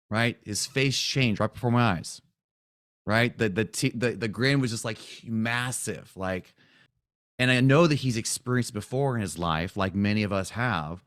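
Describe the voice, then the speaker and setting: A man with a fairly low voice talks a group through a client's breakthrough. He tells it casually and with animation, acting out the quotes and checking in with a "right?" again and again. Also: moderate pace. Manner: animated retelling, acts out quotes, frequent "right?". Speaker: spiritual coach.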